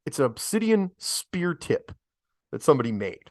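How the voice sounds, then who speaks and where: Guy hosting a stream, rambles and chuckles, super lively pitch, dry close sound. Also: normal speed, no room sound. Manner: rambling, chuckling storyteller with restarts; swears mildly, drawls "man" and "right?". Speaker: host. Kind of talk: casual livestream chat.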